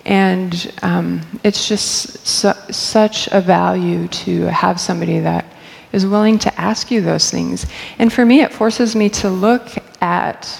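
A woman's voice: on the low side, fairly even intonation, slow, gravelly, a little mellow. A middle-aged woman on church staff telling personal stories in a candid, chatty way, laughing often. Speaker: church staff member speaking. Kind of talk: personal storytelling talk. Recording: long hall reverb.

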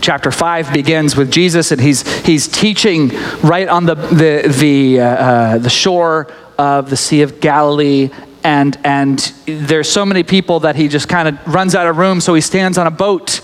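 A man's voice: a little high, a little slow. A man preaching a casual storytelling sermon, chatty and joking, with restarts and laughs. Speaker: pastor. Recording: echoey hall reverb.

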